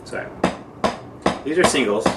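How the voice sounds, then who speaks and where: A drum teacher gives a relaxed, informal lesson, explaining strokes in plain words with fillers and demonstrations. His ordinary-pitched voice, moderate in pace with vocal fry, is caught by a distant mic in an echoey, noisy room.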